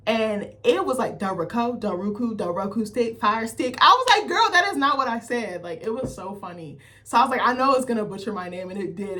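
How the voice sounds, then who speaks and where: Chatty, animated woman vlogger. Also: medium pitch. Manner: animated, rambling storytelling with lots of "like". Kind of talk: casual chat to camera.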